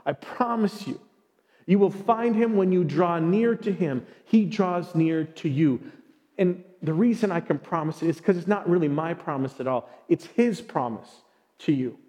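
A middle-aged man, a pastor, preaches in an earnest, heartfelt way, his voice sitting a little high with a mellow, warm tone. The sermon rings out with a long reverb that fills the church hall. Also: muffled recording.

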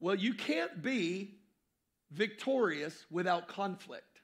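A man preaching a sermon to his congregation, repeating key phrases and swinging between loud emphasis and quieter asides. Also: high-pitched, expressive, slow pace. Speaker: pastor.

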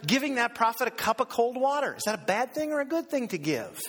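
Animated preacher in a reverberant hall. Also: male voice, quick pace. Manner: animated, acts out quoted voices with big pitch swings. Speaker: pastor. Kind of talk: sermon.

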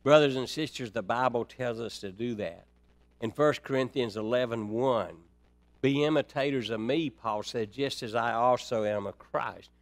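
A man preaching a sermon, folksy and dynamic, dropping to near-quiet then rising high and loud. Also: moderate pace. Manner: dynamic, swings from soft to loud, folksy asides.

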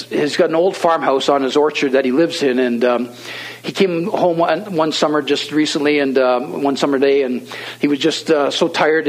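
A man's voice: medium pitch, rough recording. A man preaching a sermon in a loose, conversational storytelling manner that is full of fillers and restarts.

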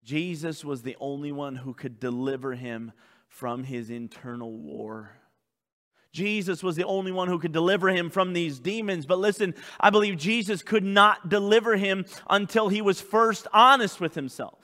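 A man preaching a sermon as pastor, swinging between loud urgent calls and hushed intense passages. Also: high voice, normal speed, big-room sound.

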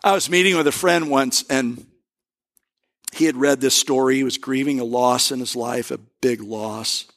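A male pastor giving a conversational sermon, telling stories and slowing down to stress key words. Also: medium pitch, fairly even intonation, a bit bright. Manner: conversational preaching with storytelling and emphatic pauses.

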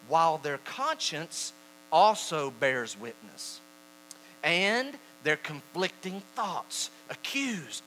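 A man preaching a sermon, reading scripture slowly and acting out the quoted voices with animation. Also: high voice, big pitch swings, a bit bright, a little hiss or hum, rough recording. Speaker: pastor.

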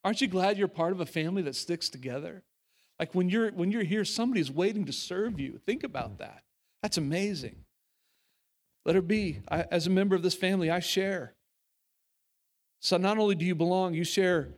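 A man preaching a sermon as the pastor of his church. He talks earnestly, with frequent restarts and repeated words, and he swings between emphatic lines and hushed ones. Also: high-pitched, brisk.

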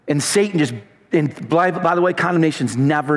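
A man preaching a sermon to a congregation, swinging from emphatic shouts to low, quiet asides. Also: fairly quick, long reverb tail. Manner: emphatic, rising to shouts then dropping low.

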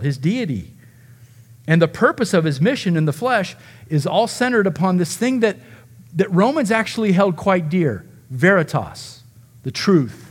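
A man delivers a sermon in a somewhat high-pitched voice. He preaches with animation, slipping into dramatized quotes from the people in the passage. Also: husky. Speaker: pastor.

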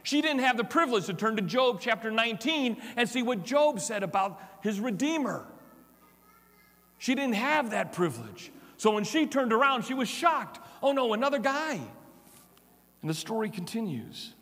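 A male pastor delivers an expository Easter sermon in a high, bright voice that leaps across its range. Very animated, he slows for dramatic pauses and acts out the story's characters. The sound rings through a reverberant church hall.

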